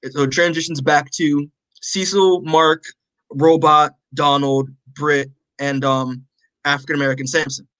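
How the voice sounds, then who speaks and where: A man co-hosting a podcast, casually recapping a comic issue with lots of fillers and quick acted-out character lines. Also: a little high, little pitch movement, fairly bright tone, no echo, rough recording. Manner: rambling, many fillers, acts out characters' lines. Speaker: podcast co-host.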